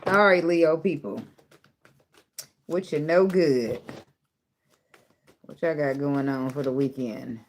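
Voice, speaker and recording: A woman's voice: sits low, slow, long pauses, background noise. A woman giving a casual tarot reading, blunt and profane, often breaking into laughter. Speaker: tarot reader.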